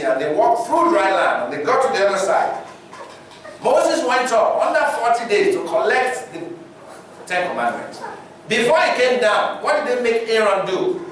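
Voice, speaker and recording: A Nigerian preacher delivers a sermon, acting out the stories with a high, swooping voice. He is heard from a distance in a strongly echoing church hall. A faint noise hums underneath. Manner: animated, dramatizing scripture stories. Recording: echoey hall from far off.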